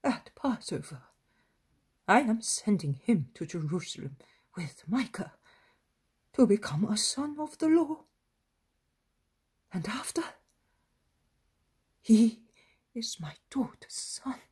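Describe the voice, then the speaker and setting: A woman's voice: medium pitch, very animated, slow pace, long pauses, a little mellow, husky, pitched above the performer's own voice, exaggerated voice. A woman voicing a tearful elderly peasant grandfather who pleads for his grandson. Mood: pleading. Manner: tearful and imploring.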